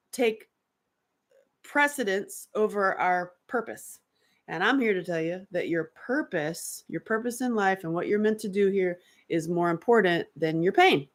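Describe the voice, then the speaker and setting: A woman at a middle pitch teaching from her own workbook in a loose, unscripted way. She talks candidly and emotionally, rambling through fillers and restarts. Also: unhurried. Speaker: workbook author and self-help teacher. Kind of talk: casual unscripted teaching talk.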